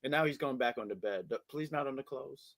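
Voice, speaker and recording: A man's voice: medium pitch, fairly quick, no room sound. A man co-hosting a wrestling review show, talking casually and with feeling, often repeating his words as he starts a thought. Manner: animated, repeats words, baby-talks to his cat.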